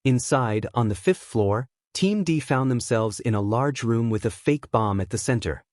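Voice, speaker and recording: A man's voice: mid-range voice, animated, moderate pace, a little mellow, no room sound, clean studio sound. A man reading a fan fiction story aloud as narrator, with small voice shifts for the characters.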